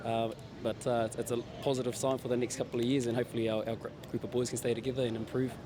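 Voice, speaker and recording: A New man, a team captain giving an earnest, halting post-match interview outdoors. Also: mid-range voice, little pitch movement, dark tone. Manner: earnest, halting, many fillers. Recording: outdoors with crowd noise.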